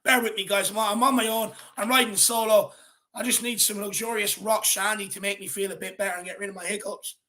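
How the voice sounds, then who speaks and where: A man's voice: sits high, little pitch movement, brisk, sharp tone. A man with an Irish accent hosting a football fan show, talking casually and energetically, calling people "my man" and "brother.".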